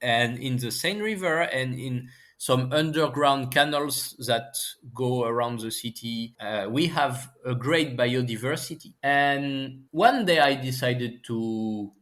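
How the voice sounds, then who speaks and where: A man from France with a French accent, speaking English as a second language, talking casually as an interview guest and pausing often to find his words. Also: mid-range voice, a bit bright. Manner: halting, searching for English words. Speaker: guest scientist and author.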